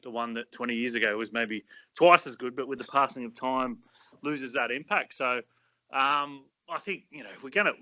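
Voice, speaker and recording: A man talking as a podcast guest in casual chat, relaxed and joking, with plenty of ums and restarts. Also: medium pitch, normal speed, dry recording. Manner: relaxed, joking, hesitant with many fillers.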